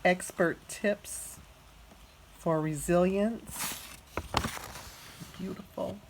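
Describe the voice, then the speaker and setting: A woman vlogging as she unboxes a gift at home, talking softly and gushing with gratitude. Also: fairly low pitch, fairly even intonation, background noise. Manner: slow, soft-spoken and gushing with gratitude. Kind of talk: casual unboxing narration.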